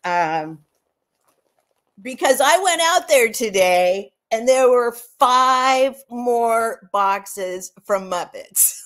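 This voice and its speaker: A woman's voice: fairly high pitch, lively intonation, very slow, fairly bright tone. A woman vlogger chatting casually on a livestream, gushing and rambling, teary after crying. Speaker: vlogger opening gifts.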